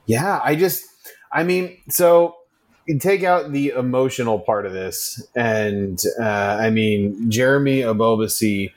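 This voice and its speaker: An American man co-hosts a loose podcast chat. His voice sits at an ordinary pitch. He rambles, pokes fun at himself and fills gaps with ums and uhs. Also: takes it slowly. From United States. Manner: rambling and self-mocking, many fillers. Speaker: podcast co-host. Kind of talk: casual chat. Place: traveling, recording remotely.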